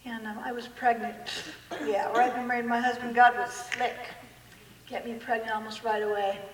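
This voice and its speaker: A woman giving an animated personal testimony in a church hall, full of self-mocking humor and acted-out quotes. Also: on the high side, moderate pace, distant mic, slight background noise. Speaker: guest speaker. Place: large church hall with an audience. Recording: echoey hall recorded from afar.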